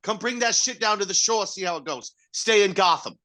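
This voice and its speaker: Brash mobster, crude and taunting, high and bright, man putting it on. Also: a little fast. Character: brash loudmouth Italian-American mobster man.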